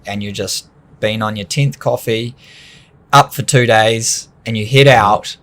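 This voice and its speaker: A man with a lowish voice talks through training ideas on a podcast. He explains in long, loose, animated runs and often laughs mid-thought. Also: a little slow. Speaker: podcast co-host. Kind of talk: casual coaching chat.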